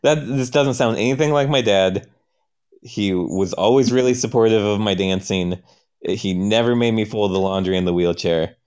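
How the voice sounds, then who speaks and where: Man with a lowish voice, improv player, hesitant, self-narrating. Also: darkish tone, clear, resonant tone. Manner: halting, questioning, self-narrating. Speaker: player in an improvised story game. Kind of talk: improvised role-play.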